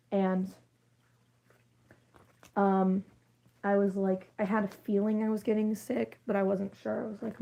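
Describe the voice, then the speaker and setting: A woman's voice: mid-range voice, gravelly, highs cut off. A woman chatting casually on a livestream, rambling and wry with plenty of fillers, while coming down with a cold.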